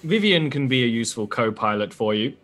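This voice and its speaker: A man in a mid-pitched voice, playing in a tabletop role-play game. He talks casually and laughs often, with faint music under the session. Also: animated, a little fast, a bit bright. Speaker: player.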